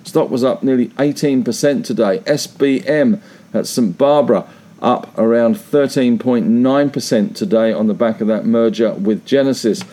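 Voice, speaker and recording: An Australian man giving a brisk, breezy stock market wrap-up with folksy asides. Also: medium pitch, mellow. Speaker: market reporter.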